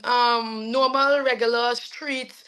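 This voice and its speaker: A young woman with a Trinidadian accent, telling her life story as a guest in a casual interview, animated and quick to laugh. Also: fairly high pitch, clean tone. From Trinidad and Tobago. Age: young adult. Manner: animated, laughs often, trails off with fillers. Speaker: soca artist guest.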